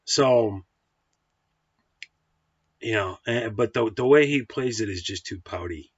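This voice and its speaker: A man's voice: fairly low pitch, lively intonation, slow pace, breathy edge, no echo. A man giving a blunt, profane, combative film review in a casual ranting style. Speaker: movie reviewer. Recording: dull, dry lo-fi sound.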